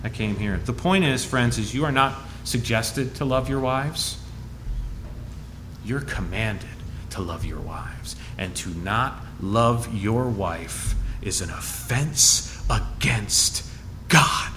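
A man preaching as pastor, reading scripture with emphasis and dropping to soft, low asides in a conversational way. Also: expressive, takes it slowly, a little hiss or hum. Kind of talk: sermon.

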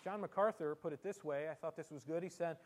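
A man preaching from the pulpit with a high voice for his sex. He is lively and theatrical, dropping into comic voices and leaning hard on sarcastic emphasis to drive each point home. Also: fast. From Italian heritage. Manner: animated, with comic voices and exaggerated sarcastic delivery. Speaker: pastor. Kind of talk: sermon. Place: church.

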